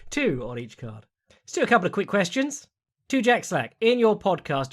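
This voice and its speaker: A man hosting a solo podcast, reading out listener questions and answering in a rambling, chatty way with quick asides. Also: mid-range voice. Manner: mimics people in quoted voices. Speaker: podcast host.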